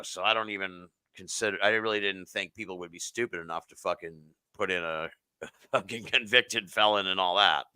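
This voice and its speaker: A man's voice: lowish voice, sharp tone, clear, resonant tone, no room sound. A man hosting a live podcast, chatting casually about election results, swearing freely and reading chat comments aloud. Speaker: podcast host.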